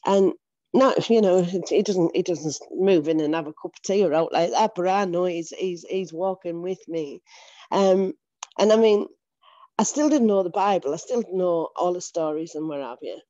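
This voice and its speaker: A woman's voice: fairly low pitch, moderate pace, dark tone, no echo, highs cut off. A woman giving an earnest, emotional personal faith testimony, often repeating herself and laughing between phrases. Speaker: church member giving testimony.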